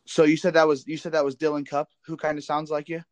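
This Midwestern American man hosts a podcast, posing long, rambling casual interview questions full of repeats and restarts. His voice is on the high side and flat, he talks fast, and there's no room sound.

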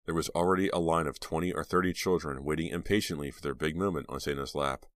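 A man with a deep voice narrates an audiobook in a steady, measured storytelling manner, delivering scripted narration. The recording is dry and of studio quality.

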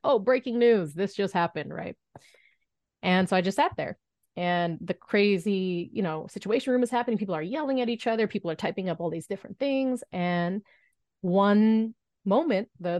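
A woman in her thirties telling a story as a podcast guest, animated and acting out the voices she quotes. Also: on the low side, no room sound. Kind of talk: storytelling in an interview.

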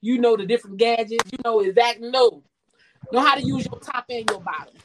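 A woman's voice: on the high side, brisk, background noise. A woman in her forties hosting a podcast, chatting casually, bluntly and profanely, and laughing often. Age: 40s. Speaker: podcast host.

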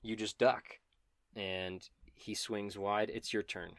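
A man's voice: on the low side, flat delivery, no room sound. A man running a tabletop game as game master, narrating in a casual, profane way. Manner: casual, profane, quick asides.

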